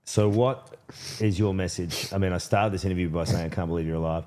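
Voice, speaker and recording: A man with an Australian accent interviewing a guest on television, asking probing questions in a halting way. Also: low-pitched, fairly even intonation, warm tone.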